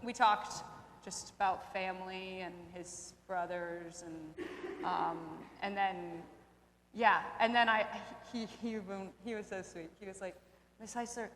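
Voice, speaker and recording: A woman's voice: medium pitch, slow. A woman in her twenties, a teacher on an alumni panel, telling stories casually and acting out the lines she quotes. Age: 20s. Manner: lively storyteller who acts out quoted lines. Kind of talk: casual storytelling. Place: campus event room. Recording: echoey hall with faint noise.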